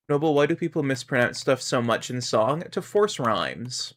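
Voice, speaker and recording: A man's voice: medium pitch, expressive, normal speed, few pauses, fairly bright tone. A Canadian man chatting casually on a live game stream, rambling as he explains how words are pronounced. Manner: rambling, explains pronunciation to chat. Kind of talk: casual live-stream chat while gaming.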